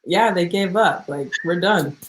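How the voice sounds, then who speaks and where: A woman's voice: fairly low pitch, unhurried, a little hiss or hum, poor audio. A woman hosting a casual interview, upbeat and laughing often as she chats with her guest. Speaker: host.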